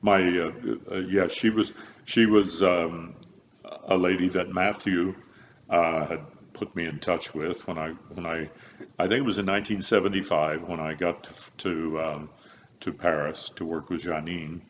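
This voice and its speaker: A man's voice: low-pitched, fairly even intonation, moderate pace. An older man from Kansas, telling stories from his career in an interview, rambling with many fillers and restarts and frequent chuckles. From Kansas, USA. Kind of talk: relaxed interview storytelling. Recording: slightly dull, faint background hiss.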